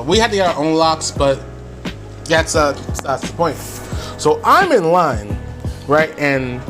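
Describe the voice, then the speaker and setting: A man on his own channel telling a story in a casual, rambling way, with many fillers and chuckles, over background music. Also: a little high. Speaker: YouTuber.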